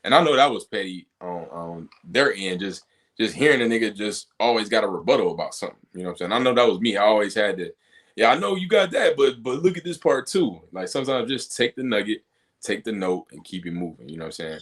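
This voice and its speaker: Deep-voiced man telling stories loosely. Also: fast, fairly bright tone. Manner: rambling, restarts, laid-back storytelling. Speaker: podcast co-host. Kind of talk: casual chat.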